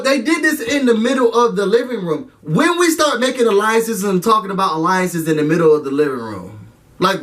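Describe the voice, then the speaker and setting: A man giving a casual, animated recap and review of a TV episode, talking straight to his viewers. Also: high-pitched, far from the mic. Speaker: TV recap vlogger.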